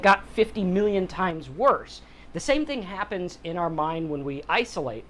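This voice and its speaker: A man's voice: high voice, expressive, moderate pace, fairly bright tone. Conversational middle-aged man hosting a podcast. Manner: conversational, acts out quotes in other voices. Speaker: podcast host. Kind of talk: casual motivational talk on sobriety.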